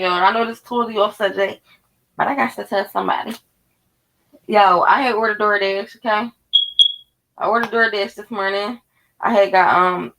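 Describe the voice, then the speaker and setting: A vlogger in her thirties from North Philadelphia, with a Philly accent and a mid-range voice, tells her viewers a story in a casual, animated, profane way. The audio is poor.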